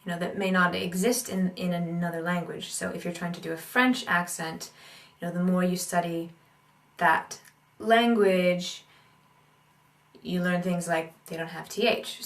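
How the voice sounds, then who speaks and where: A woman giving a casual spoken lesson on learning accents, animated and breaking into sung syllables to demonstrate. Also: lowish voice, reverberant, distant mic. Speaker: accent and dialect teacher.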